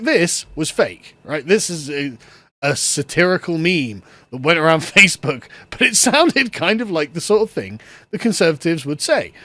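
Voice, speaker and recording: A man's voice: high-pitched, fairly bright tone, no echo. A man giving sarcastic solo political commentary, ranting and laughing often as he talks.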